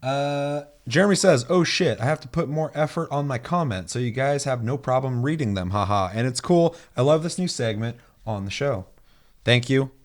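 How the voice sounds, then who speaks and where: A man's voice: mid-range voice, expressive, moderate pace. A young man hosting a gaming podcast in casual chat, reading listener comments aloud and telling stories with plenty of swearing. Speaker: podcast host.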